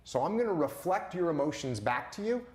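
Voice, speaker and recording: A man's voice: on the high side, sing-song, fairly quick, echoey room. Emphatic man with punchy rhetorical questions. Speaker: interview guest. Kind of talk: emphatic interview storytelling.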